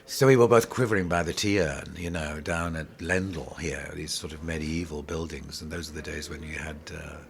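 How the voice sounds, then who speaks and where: A middle-aged man with a very low, gravelly voice tells rambling stage stories, restarting often as he goes. He sounds lively and conversational, as in an interview. A faint hiss sits under the recording. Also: moderate pace, few pauses. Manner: animated, rambling anecdotes with many restarts. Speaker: pantomime actor, interview guest. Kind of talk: casual interview storytelling.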